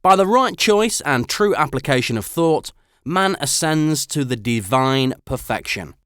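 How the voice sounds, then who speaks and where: Man reading an audiobook, lively pitch. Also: unhurried, smooth, dry recording, clean studio sound. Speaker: audiobook narrator. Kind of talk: scripted narration.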